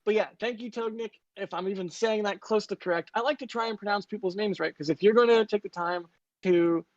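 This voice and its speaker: Brief: giggly, chatty stream co-host reading viewer messages, mid pitch, dull lo-fi dry mic. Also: dry recording. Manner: giggly, chatty, quick asides. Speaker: livestream co-host. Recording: muffled lo-fi dry audio.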